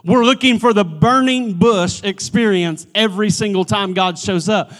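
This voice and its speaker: A man preaching a church sermon, swinging from emphatic pleading to hushed, near-whispered lines and often repeating the first word of a phrase. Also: high-pitched, normal speed. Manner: repeats words at starts of phrases. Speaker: pastor.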